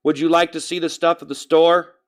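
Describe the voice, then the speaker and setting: A man's voice: on the high side, flat delivery, a little fast. A man talking casually to his live-stream chat, rambling and often stopping to restart and correct himself. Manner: talks straight to chat, reading out names.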